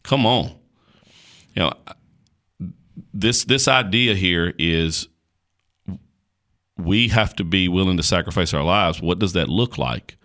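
A man's voice: deep voice, slow, long pauses, sharp tone. A male podcast host preaching on a Bible passage in an emphatic, repetitive, colloquial way.

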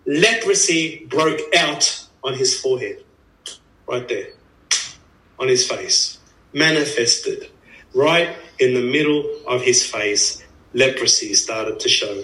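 A man's voice: mid-range voice, bright, forceful tone. A man preaching an earnest, emphatic sermon, repeating phrases for stress. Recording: echoey room, voice from a distance.

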